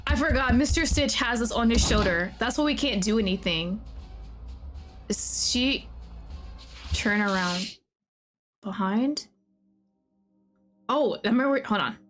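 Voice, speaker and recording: An excitable young woman narrates her gameplay and chats with the characters on screen. She speaks in a slightly high voice and at an unhurried pace, with faint background music playing. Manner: excitable, talks to game characters, swears and laughs. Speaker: VTuber streamer. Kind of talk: casual gameplay commentary.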